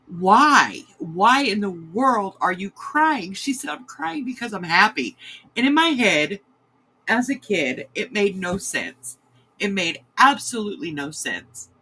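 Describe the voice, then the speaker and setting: A woman, a crochet host chatting to her livestream viewers in a sentimental, halting way. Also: lowish voice, sharp tone, poor audio. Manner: sentimental, halting, many restarts. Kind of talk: casual livestream chat to viewers.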